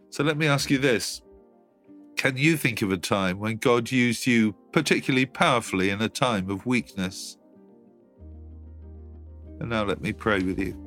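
A man hosting a short radio devotional, reading scripture and telling a story in a calm, measured way. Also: medium pitch. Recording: dry studio voice over soft music.

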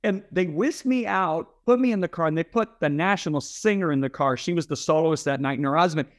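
A man's voice: on the high side, a little fast. Emphatic man telling a dramatic story. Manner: dramatic, emphatic preacher-like storytelling with quoted dialogue. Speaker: interview guest, Christian author and speaker. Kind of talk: animated storytelling.

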